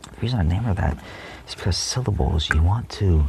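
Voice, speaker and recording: A man's voice: low voice, animated, a little fast, vocal fry, very noisy. A man giving a rambling spiritual monologue, full of fillers, often dropping into a whisper. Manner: meandering, many fillers, often trails off into whispers. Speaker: spiritual vlogger.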